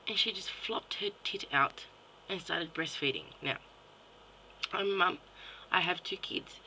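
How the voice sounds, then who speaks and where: A woman's voice: fairly low pitch, a little slow, pushed and bright, a little hiss or hum, poor audio. A young Australian woman and mum ranting bluntly and profanely into her webcam at home late at night. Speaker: vlogger. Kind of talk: ranting vlog monologue.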